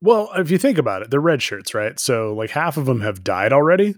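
Male podcast co-host, animated riffing, wide pitch swings, dry close recording. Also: brisk, no echo. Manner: animated, sarcastic asides, mock quotes. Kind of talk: casual recap chat.

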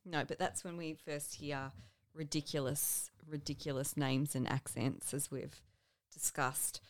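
A woman's voice: low-pitched, level tone, measured pace, no echo, studio quality. A woman co-hosting a podcast, chatting about films in a bubbly, giggly way. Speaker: podcast co-host. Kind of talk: casual film chat.

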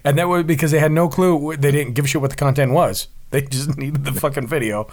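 A man's voice: fairly high pitch, steady tone, a little fast, darkish tone. Blunt, foul-mouthed ranting man. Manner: blunt, swears a lot, ranting. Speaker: podcast co-host. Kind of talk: casual chat.

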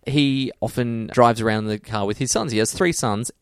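An Australian man co-hosting a podcast, chatting casually, laughing often and reading out listener shout-outs. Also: medium pitch, moderate pace, clean tone, dry recording, studio quality. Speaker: podcast co-host.

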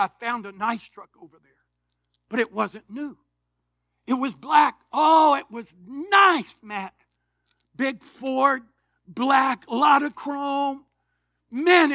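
A man, preaching a sermon in a church, animated storytelling that swings from shouts to quiet asides. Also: extremely high pitch, no echo. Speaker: pastor. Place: church sanctuary.

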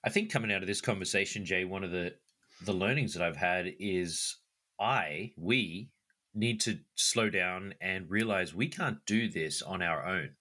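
A man co-hosting a podcast, reflecting on faith and telling everyday stories in a lively way. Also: low-pitched, a little slow. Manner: reflective, animated storytelling. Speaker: podcast co-host. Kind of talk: casual faith discussion.

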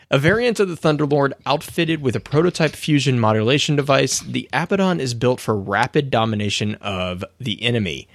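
A man's voice: medium pitch, vocal fry, a bit bright, no echo, clean studio sound. A man co-hosting a casual gaming podcast, rambling through explanations with many asides. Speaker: podcast co-host.

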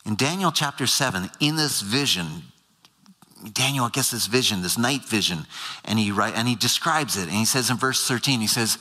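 A man's voice: on the low side, lively intonation, normal speed, sharp tone. A man explaining scripture to a live audience, emphatic and given to repeating and stumbling over words. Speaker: speaker. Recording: long hall reverb.

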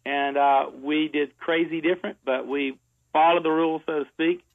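A chatty man with a high voice tells a long story for an interview, laughing often and trailing off into fillers and restarts. The sound is tinny and narrow, like it is coming down a phone line. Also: fairly even intonation, normal speed. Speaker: ad music composer, guest.

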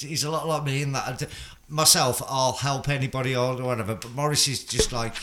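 A man co-hosting a casual music podcast, rambling and relaxed with lots of fillers. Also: mid-range voice, brisk. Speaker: podcast co-host.

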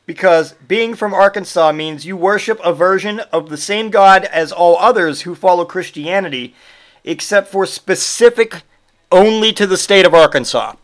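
A man with a notably high voice hosts a podcast in a mocking, foul-mouthed rant. His delivery is sarcastic and full of jokes at others' expense. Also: normal speed, a bit bright. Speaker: podcast host. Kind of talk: comedic monologue rant.

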